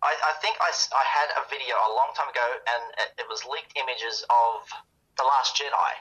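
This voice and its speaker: A man's voice: medium pitch, brisk, sharp tone, slightly rough, poor audio. A man talking as a guest on a podcast in casual chat, in a matter-of-fact, informative way, heard over a remote call.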